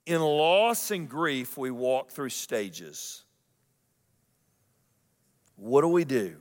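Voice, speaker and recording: A male pastor preaching to his congregation, his voice carrying a long hall reverb through the sanctuary. He drops to near-whispers for tender points, then rises loud and slow to stress key lines, often repeating a phrase for weight. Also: medium pitch, big pitch swings. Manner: dramatic swings between loud emphasis and hushed intimate lines. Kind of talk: sermon.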